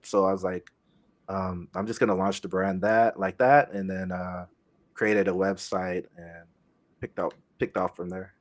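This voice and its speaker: A young man talks on a podcast in a low-set voice. He speaks haltingly and softly, stopping and restarting often as he tells his story. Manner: halting, many fillers and restarts, soft-spoken. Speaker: guest streamer. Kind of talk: casual podcast chat.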